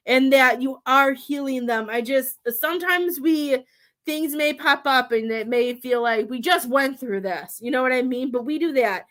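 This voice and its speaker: Woman, tarot reader and medium, somewhat high voice, talkative and heartfelt, laughs a lot, gets emotional. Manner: chatty, warm-hearted, laughs often between thoughts; emotional, near tears at times. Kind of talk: live tarot reading.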